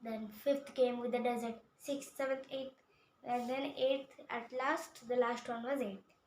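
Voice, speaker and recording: A woman retells a picture book in a high voice, stopping and repeating herself. The recording has an echoey room sound and a faint hum. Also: steady tone. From India. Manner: halting, repeating words. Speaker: storyteller.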